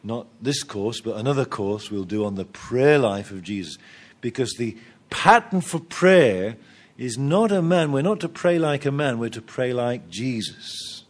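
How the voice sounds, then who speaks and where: A man's voice: medium pitch, expressive, unhurried. A man preaching a sermon with humor, acting out little dialogues and chuckling at his own jokes.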